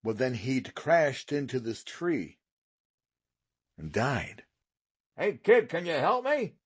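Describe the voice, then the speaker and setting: A man with a husky, slightly breathy voice reads a children's audiobook aloud in a steady, expressive way. His voice is recorded close and dry, with no room sound behind it. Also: on the high side, no room sound. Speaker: audiobook narrator. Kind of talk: scripted narration.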